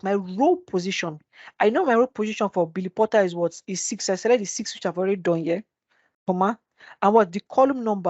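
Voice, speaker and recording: A woman's voice: mid-range voice, darkish tone, no room sound. Woman teaching a spreadsheet lesson. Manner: asks rhetorical "what?" questions and answers them. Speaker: Excel instructor. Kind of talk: live screen-share tutorial. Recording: dull dry webinar audio.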